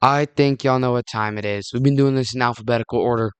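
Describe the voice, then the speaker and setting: A man's voice: medium pitch, steady tone, fast, clear, resonant tone, dry recording. A young man from Texas, giving rambling, jokey commentary in a casual video and often breaking off mid-sentence. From Texas, USA. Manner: rambling, jokey, self-interrupting. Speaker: video creator.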